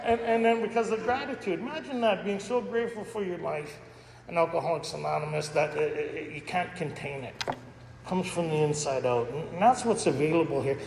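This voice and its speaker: A man's voice: a little high, a little fast, vocal fry, crowd noise. A middle-aged man giving a candid, rambling personal testimony as a recovery meeting speaker. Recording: echoey hall with faint noise.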